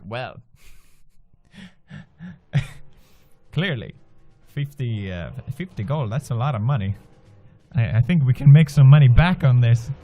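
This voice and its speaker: A man in his twenties from Sweden, telling a profane, animated gaming story as a video blogger and acting out people's reactions. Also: medium pitch. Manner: profane, animated, laughs often, acts out quoted reactions. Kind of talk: casual storytelling monologue.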